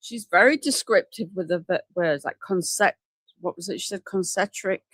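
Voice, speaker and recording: A woman's voice: on the low side, moderate pace, a bit bright, dry recording. A woman hosting a casual live show, chatting into a desk microphone and reacting aloud with exclamations. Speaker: host reacting to trial footage.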